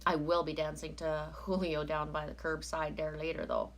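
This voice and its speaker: A woman's voice: sits low, little pitch movement, normal speed. A woman from Canada chatting casually on a live stream, rambling as she reads out viewer comments and oracle cards.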